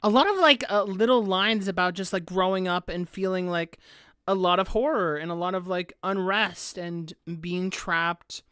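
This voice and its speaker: A woman's voice: fairly low pitch, normal speed, a bit bright, smooth, no echo, studio quality. A woman streamer chatting casually on a live stream, rambling with lots of "like" fillers and frequent laughter.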